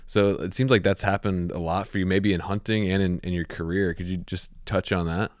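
An American man hosting a podcast, asking relaxed, rambling questions with many fillers. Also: sits low, fairly quick, dry recording, studio quality. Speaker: podcast host. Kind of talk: casual interview chat.

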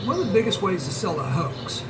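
A man's voice: sits high, sing-song, fairly quick, heavy background noise. A middle-aged man hosting a show, rambling through profane stories with laughs. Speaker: podcast host. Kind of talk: casual storytelling.

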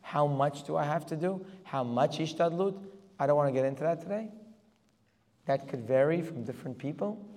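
A man teaches a religious class in a slightly high voice, moving from quiet asides to insistent, climbing emphasis. He peppers his points with rhetorical questions. The sound carries a long reverb, as in a hall. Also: normal speed. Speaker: Torah teacher. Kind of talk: religious lecture.

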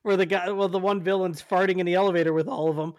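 A man co-hosting a podcast in casual chat, rambling and trailing off quietly. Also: high-pitched, fairly even intonation, fast talker. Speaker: podcast co-host.

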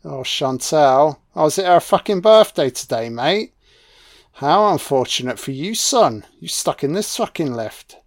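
A man's voice: a little high, animated, unhurried, no echo, clean studio sound. A man giving a sarcastic, mocking film commentary rant and swearing constantly.

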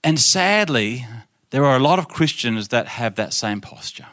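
A middle-aged man preaching to his congregation in a loose, chatty storytelling way. His voice is bright and forward, and he slips into quick impressions of the people in his tale, often laughing along as he goes. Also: medium pitch, animated. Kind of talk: storytelling sermon.

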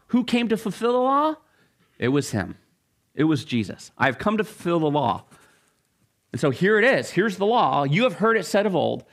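A man preaching a sermon as pastor, reading scripture, praying and then teaching with animated rhetorical questions that leap up in pitch.

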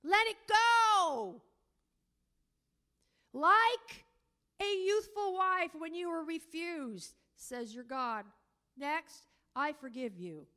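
A woman teaching a sermon on God as father, preaching emphatically and drawing out key words slowly, sometimes breaking into tongues. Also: high voice, expressive. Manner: emphatic preaching, rising to near-shouting; speaks in tongues at times. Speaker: prayer teacher.

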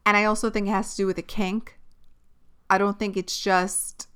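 A young woman hosting her own podcast, venting bluntly and profanely in a casual, animated way. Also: mid-range voice, normal speed, clear, resonant tone. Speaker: podcast host. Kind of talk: casual solo podcast rant.

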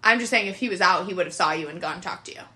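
A woman's voice: lowish voice, very fast, pushed and bright. A woman in her twenties co-hosting a podcast, telling stories in casual chat, full of "like"s and giggly asides. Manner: chatty, many "like"s, giggly asides. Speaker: podcast co-host.

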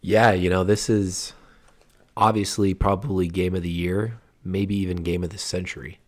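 Low-voiced man in casual sports chat. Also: level tone, moderate pace, darkish tone. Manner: laid-back, hedging with many fillers. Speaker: podcast co-host.

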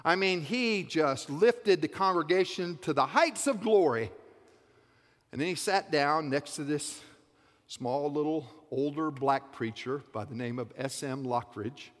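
A man preaching a sermon, building from a soft telling to loud, rhythmic repeated calls. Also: fairly high pitch, lively intonation, unhurried. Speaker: pastor. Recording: long hall reverb.

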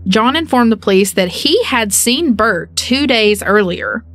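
A woman's voice: a little high, lively intonation, measured pace, a bit bright. Woman telling a true-crime story casually. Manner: reads case details, then jokes and acts out people with playful asides. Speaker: podcast co-host.

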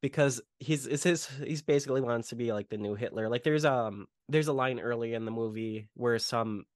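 A man's voice: medium pitch, normal speed, no echo, studio quality. A man casually retelling film scenes on a podcast, rambling with lots of fillers. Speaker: podcast host. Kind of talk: casual movie podcast chat.

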